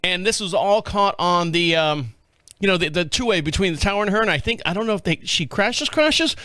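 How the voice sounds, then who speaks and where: Animated, bright-voiced male podcast host. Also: high voice, a little fast, dry recording. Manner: joking, animated, laughs often. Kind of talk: casual commentary on news clips.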